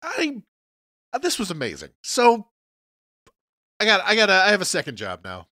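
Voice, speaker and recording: Man, podcast co-host, lively pitch, bright tone, dry close sound, profane rambling chat. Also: no echo. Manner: rambling, profane, halting restarts. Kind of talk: casual chat.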